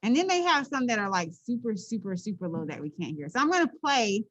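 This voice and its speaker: A woman teacher talks through a physics lesson in a casual, joking way and keeps checking that her class is following. Her voice sits a little high. The sound is dry and close, with a slightly dull, lo-fi quality. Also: big pitch swings, quick pace, a bit bright, dry recording. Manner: chatty, playful, checks in with frequent "okay?". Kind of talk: classroom lecture.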